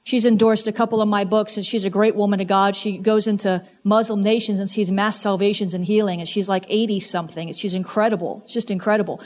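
A woman's voice: mid-range voice, steady tone, quick pace, few pauses. A woman preaching a sermon, emphatic and full of repeated exhortations.

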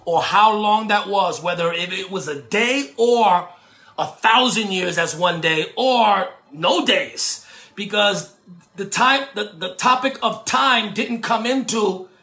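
A man preaching a fiery sermon, shouting and repeating phrases for emphasis, with bursts of speaking in tongues. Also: high voice, slow pace, echoey room, soft background music.

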